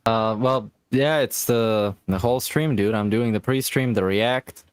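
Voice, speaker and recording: A man co-hosting a casual podcast, relaxed and wry as he chats. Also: on the low side, measured pace, clean tone, no echo. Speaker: podcast co-host, streamer.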